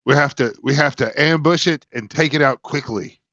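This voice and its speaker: A man's voice: medium pitch, normal speed, a bit bright, no room sound, lo-fi sound. A man playing in a tabletop role-playing game, chatting casually and eagerly planning tactics. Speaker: player.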